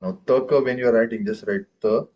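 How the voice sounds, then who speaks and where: A man's voice: mid-range voice, fairly quick, highs cut off. A man teaching a tabla class. He talks patiently, often checking with "okay" and "right?", and chants rhythm syllables aloud for the students. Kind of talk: classroom music lesson. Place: room with students.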